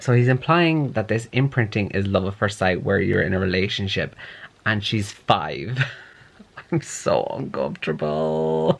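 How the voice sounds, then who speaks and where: A young man chatting casually in a reading vlog, animated and dramatically exasperated. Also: on the low side. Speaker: book vlogger.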